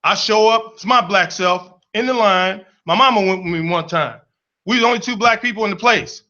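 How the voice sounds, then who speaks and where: Speaking fairly quickly in a high, bright voice, a man spins a comic story from his own life, playful and animated as he acts out the people in it. The audio is dull and lo-fi.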